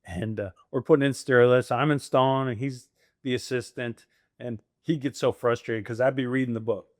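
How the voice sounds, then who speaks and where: Animated storytelling man, dry sound. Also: mid-range voice, moderate pace, dry recording. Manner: animated, laughs often, acts out quoted voices. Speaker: guest, franchise owner. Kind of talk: conversational storytelling.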